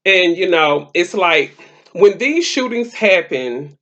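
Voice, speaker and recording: A woman's voice: on the low side, lively intonation, slow, a bit bright, lo-fi sound. A woman hosting her own live talk stream, chatting casually to viewers in a rambling way with many fillers. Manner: rambling, filler-heavy, talks straight to viewers.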